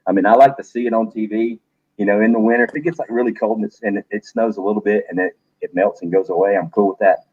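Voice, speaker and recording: A man's voice: on the low side, fairly even intonation, quick pace, darkish tone, breathy edge, no echo, dull audio. A middle-aged man hosting a livestream, chatting loosely, cursing now and then and greeting viewers by name. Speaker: livestream host. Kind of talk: casual livestream chat.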